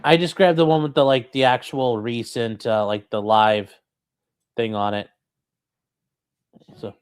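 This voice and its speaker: A man's voice: mid-range voice, steady tone, a little slow, smooth. A young man hosting a casual call-in livestream from a room at home, rambling and joking while reading chat aloud. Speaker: call-in show host.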